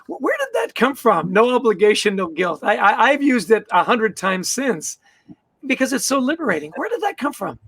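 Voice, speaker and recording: A man's voice: very high voice, wildly swooping pitch, moderate pace, fairly bright tone, slightly rough. A man co-hosting an interview, asking enthusiastic questions with stammered restarts. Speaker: co-host. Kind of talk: conversational interview.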